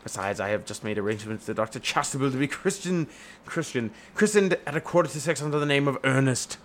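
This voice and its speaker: A man's voice: medium pitch, lively intonation, fast talker, fairly bright tone, a little hiss or hum. A man casually reading through a comic play with a friend, playful and often breaking into laughter. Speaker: amateur reader of a play.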